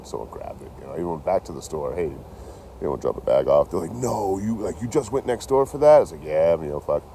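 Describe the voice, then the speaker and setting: A man's voice: low voice, lively intonation, quick pace, warm tone, slight background noise. A young man telling a rambling story outdoors near his camp, swearing and laughing often. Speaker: vlogger. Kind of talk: casual storytelling.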